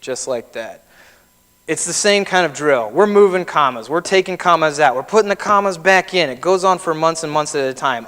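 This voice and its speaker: A man's voice: medium pitch, a bit bright. A man in his thirties giving a keynote speech, telling personal stories in a conversational way. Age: 30s. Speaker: keynote speaker. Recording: long reverb of a large hall.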